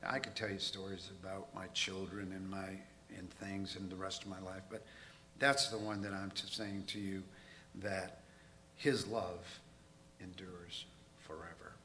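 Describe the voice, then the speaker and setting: A man preaching in a church, his low voice carrying a bright, forceful edge. He tells a personal story candidly, poking fun at himself as he goes. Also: level tone, normal speed, a little hiss or hum. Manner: candid, self-mocking storytelling.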